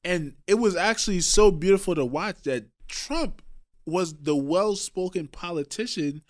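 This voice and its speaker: A man from Trinidad co-hosting a casual podcast, talking in an animated way with swearing and quick asides. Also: sits high. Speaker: podcast co-host.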